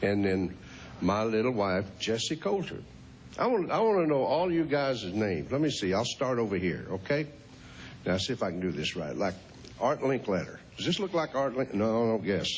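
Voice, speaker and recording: A man's voice: fairly low pitch, sing-song, moderate pace. A folksy man in his fifties, teasing and chuckling as he chats with kids. His voice rises and falls a lot, over a faint hiss of background noise. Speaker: host. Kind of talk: casual chat with children.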